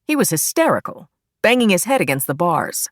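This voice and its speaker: A woman voicing a friendly female jail desk sergeant who talks in a brisk, matter-of-fact way in an audiobook. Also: on the low side, big pitch swings, dry recording, studio quality, pitched above the performer's own voice. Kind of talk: audiobook character voice.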